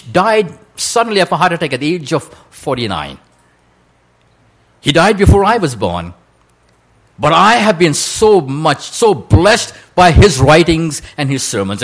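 A man's voice: a little high, a bit bright. A male preacher telling a story in a sermon, with a dramatic delivery that draws out quoted lines.

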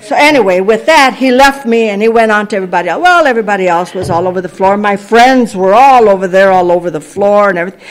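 A woman giving a personal testimony to a congregation, telling it as a lively, conversational story. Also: medium pitch, fast talker, hardly any pauses, some chatter behind. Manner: animated, conversational storytelling with sound effects.

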